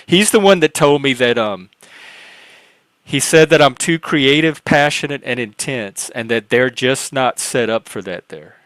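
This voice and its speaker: A man's voice: mid-range voice, measured pace, fairly bright tone, no echo. A man on a livestream panel telling a personal story in casual talk, earnest and rambling, with frequent restarts and self-corrections. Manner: earnest, acts out quoted dialogue.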